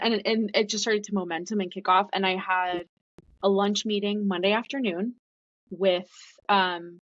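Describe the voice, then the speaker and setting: A woman's voice: mid-range voice, steady tone, moderate pace, fairly bright tone, no room sound. A woman guest telling her story in a casual, chatty way, full of "like" fillers. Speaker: podcast guest. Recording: dull, dry lo-fi recording.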